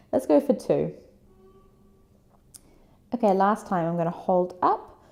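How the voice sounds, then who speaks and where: A woman fitness instructor leading a workout, giving calm breathing and movement cues with chatty asides. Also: mid-range voice, slow, vocal fry.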